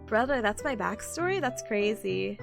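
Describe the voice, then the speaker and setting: A woman's voice: mid-range voice, lively intonation, normal speed, vocal fry, music in the background. A woman streamer in casual live chat, playful and silly, laughing often between lines. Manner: silly, sings sound effects.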